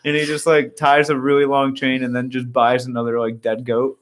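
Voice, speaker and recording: A young man co-hosts a podcast in a loose, casual chat. He tells stories with animated energy, laughing as he goes. His voice sits at an ordinary middle pitch for a man. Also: moderate pace, a little hiss or hum. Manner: animated storyteller, acts out quotes with laughter. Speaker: podcast co-host.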